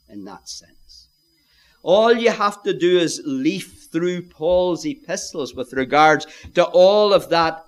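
A man preaching a sermon, earnest and emphatic, addressing the congregation directly. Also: high-pitched.

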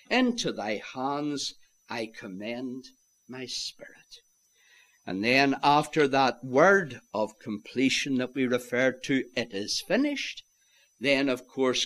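In a mid-range voice, a man preaches to his listeners, whom he calls "my friends," moving back and forth between loud declarations and quiet, nearly whispered lines.

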